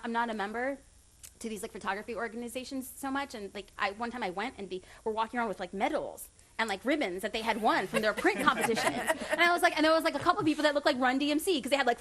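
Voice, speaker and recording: Woman, casual seminar talk, direct and chatty, slightly high pitch. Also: fairly bright tone. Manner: chatty, quick asides, laughs often; direct, self-described authoritative. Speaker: photography business speaker.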